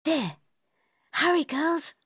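A woman voicing a lively young Anzac nurse who talks in bubbly exclamations. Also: mid-range voice, slow, no room sound. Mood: excited.

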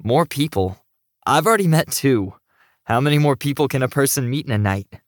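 A man's voice: mid-range voice, animated, normal speed, no room sound, studio quality, voice pushed up, lightly acted. A man voicing a slight young man who talks in a frank, quizzical way. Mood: curious.

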